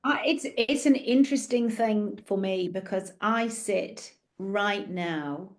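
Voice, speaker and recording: A woman with a New Zealand accent, an author talking about her book in an interview with high, encouraging energy. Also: slow, few pauses. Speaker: author guest. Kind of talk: casual interview chat.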